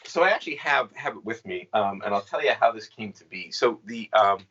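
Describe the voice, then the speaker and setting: Man in his fifties with a low-pitched voice, telling a long story in an easy, chatty way and checking in with "right?" as he goes. His voice comes through a dull, lo-fi recording. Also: lively intonation, brisk, a crowd in the background. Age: 50s. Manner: chatty, frequent "right?" asides. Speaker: guest magician and inventor. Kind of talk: storytelling interview answers.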